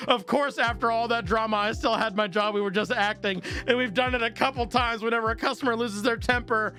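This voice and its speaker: High-voiced man reading posts with crude jokes. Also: fairly quick, hardly any pauses. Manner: profane, animated, laughs a lot. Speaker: streamer host. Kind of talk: reading posts aloud and reacting.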